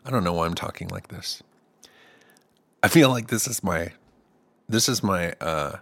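A middle-aged podcast host and songwriter rambles casually on his own music show, comic and loose, slipping into playful put-on voices. His voice is low, gravelly and husky, animated but a little slow, with long pauses.

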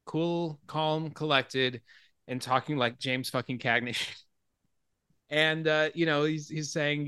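A man hosting a podcast in casual chat, retelling a film scene in an animated way and laughing along. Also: on the high side, slow pace, smooth, dry recording. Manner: animated storyteller, laughs and swears freely. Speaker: podcast host.

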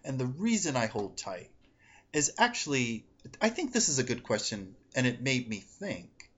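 Man, podcast host, casual chat, rambling, laughing, mid pitch, slightly dull audio. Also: sing-song, moderate pace, a bit bright, slightly rough. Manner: laughing, rambling, self-correcting. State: coming down with a cold. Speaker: podcast host and psychic medium.

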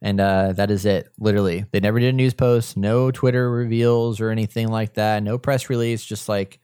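A man's voice: on the low side, fairly even intonation, fairly quick, few pauses, mellow, smooth, no echo, clean studio sound. A man from Texas co-hosting a casual video game podcast, chatty and enthusiastic when reading the news. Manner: upbeat, enthusiastic about racing games. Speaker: podcast co-host.

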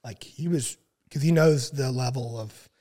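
A man in his thirties telling a long story in casual chat, with many fillers and frequent throat clearing. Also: mid-range voice, a little slow. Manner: relaxed, filler-heavy, clears throat often. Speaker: podcast guest.

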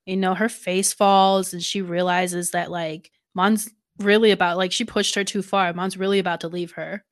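A woman's voice: fairly low pitch, little pitch movement, moderate pace. A woman co-hosting a casual chat about a TV series, thoughtful and full of filler words. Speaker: podcast co-host.

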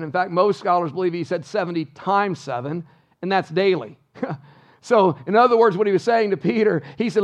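A man's voice: sits high, fast talker. A male pastor preaching a sermon in church, emphatic and full of rhetorical questions to the congregation. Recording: dull lo-fi sound.

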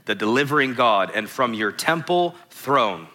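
A man's voice: mid-range voice, lively intonation, unhurried, pushed and bright. A man preaching a sermon, reading scripture verses aloud and stopping to explain them to his listeners.

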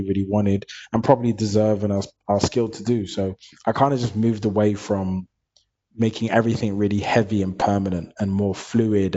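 Man, 30s, low voice, earnest, reflective, lo-fi sound. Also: warm tone, slightly rough. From Hackney, London. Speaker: guest. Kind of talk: reflective interview conversation. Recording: dull lo-fi recording.

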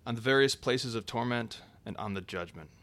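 Guy reading an old sermon aloud, slow and solemn, goes quieter on the bible refs. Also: medium pitch. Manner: measured, solemn reading; drops quieter for scripture citations. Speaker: reader.

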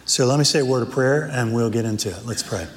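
Animated man preaching in a reverberant hall. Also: fast talker, slight background noise. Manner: animated storyteller, voices characters with raised pitch. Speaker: pastor. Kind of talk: sermon with storytelling. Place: church sanctuary.

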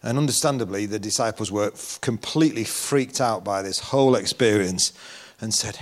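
A middle-aged man preaching a sermon, telling the story with lively emphasis and growing loud at the key moments. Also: on the low side, brisk.

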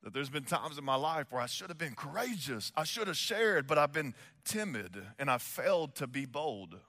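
A high-pitched man preaches with a bright, sharp tone, chatty and full of fillers. His voice carries a long reverb through a big church hall. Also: normal speed. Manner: animated, chatty, many fillers. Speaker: pastor. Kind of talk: sermon with storytelling.

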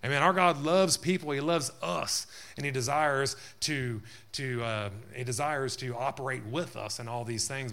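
A man's voice: mid-range voice, normal speed, creaky, few pauses, pushed and bright. A male pastor preaching a sermon to his church, building in intensity with frequent amens.

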